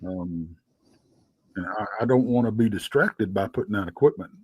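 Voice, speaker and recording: Low-voiced Texan man, guest storyteller, dry close sound, rambling delivery. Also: animated, darkish tone, breathy edge, dry recording. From Texas. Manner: rambling, halting storyteller full of fillers. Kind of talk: casual storytelling.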